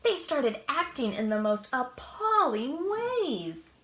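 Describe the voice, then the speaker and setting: Woman children's librarian, story-time read-aloud, slow, animated pitch. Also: reverberant. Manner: slow, expressive and questioning.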